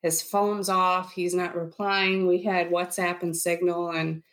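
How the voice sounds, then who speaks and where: A woman's voice: lowish voice, flat delivery, measured pace, fairly bright tone. A woman in her thirties giving an earnest personal testimony in an interview, reliving events and quoting her own thoughts. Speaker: interviewee, bereaved military spouse.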